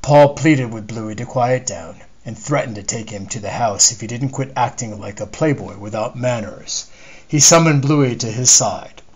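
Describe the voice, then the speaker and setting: A man reading his own novel aloud in measured, steady storytelling. His voice sits in an ordinary middle register for a man, and he narrates at an even pace. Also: medium pitch, breathy edge, highs cut off. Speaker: author. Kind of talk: scripted narration.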